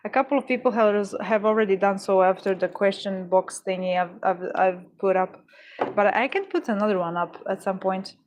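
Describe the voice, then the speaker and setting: A woman's voice: mid-range voice, normal speed, darkish tone, a little hiss or hum. A woman chatting casually while working on orders, easily startled, laughing often and correcting herself as she talks. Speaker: crafting livestreamer.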